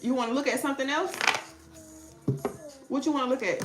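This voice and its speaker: A woman giving a casual tarot reading, emphatic and preachy, arguing her points out loud. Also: sits high, fairly even intonation, a little fast, over loud music. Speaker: tarot reader.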